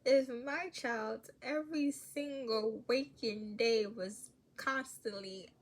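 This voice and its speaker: A woman hosting a casual faith podcast, telling stories in an animated way, often laughing and dropping to a whisper. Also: a little high, takes it slowly. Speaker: podcast host.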